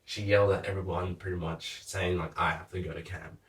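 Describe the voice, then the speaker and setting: A young man, a podcast guest, chatting casually with a relaxed, laughing manner and a lot of "like". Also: low-pitched, a little fast. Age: young adult. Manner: laid-back, laughs often, lots of "like". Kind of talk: casual chat. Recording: echoey room, mic at a distance.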